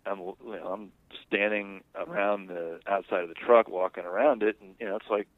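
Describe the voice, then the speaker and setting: A man's voice: lowish voice, fairly even intonation, normal speed, no room sound. A man telling a personal story to an interviewer in a rambling, conversational way, heard over a phone line. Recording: dry, tinny phone line.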